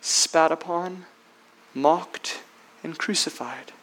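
Man, pastor, sermon, high-pitched, slow, emphatic, rhetorical questions. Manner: emphatic preaching, swinging between loud and hushed.

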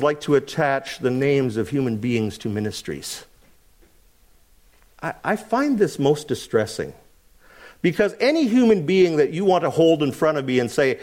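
A man preaching a sermon in an animated way, asking his congregation rhetorical questions. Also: on the high side. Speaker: pastor.

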